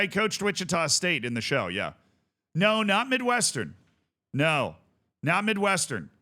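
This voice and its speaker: A man's voice: fairly high pitch, bright, forceful tone, clean tone. A man streaming a game, chatting casually with viewers in rambling, jokey asides. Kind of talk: casual gaming stream chat.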